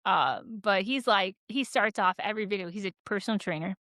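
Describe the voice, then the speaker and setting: A woman's voice: medium pitch, a little fast, no room sound. A woman co-hosting a podcast in casual chat, telling stories animatedly with lots of "like". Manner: animated, chatty storytelling full of "like". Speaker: podcast co-host.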